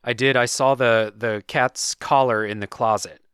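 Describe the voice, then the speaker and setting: Podcast host, man, smooth clear voice, dry close sound, laid-back talker. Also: mid-range voice, moderate pace, dry recording. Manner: relaxed storytelling, many "like"s. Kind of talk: casual chat.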